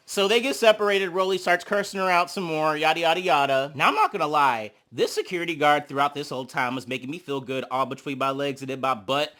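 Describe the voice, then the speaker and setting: Sassy gossipy recap host, bright voice. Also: fast talker, hardly any pauses. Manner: sassy, gossipy, swears a lot, acts out quotes; big swings in pitch and loudness when reacting. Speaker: reality show recap host. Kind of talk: casual commentary.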